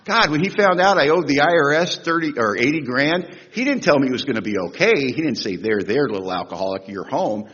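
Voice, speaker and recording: Husky man in his sixties, convention speaker; humorous, animated storyteller, booming echo of a big hall. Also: fairly quick, few pauses. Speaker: recovery meeting speaker. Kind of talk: storytelling talk at a recovery convention. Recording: echoey hall, dull lo-fi sound.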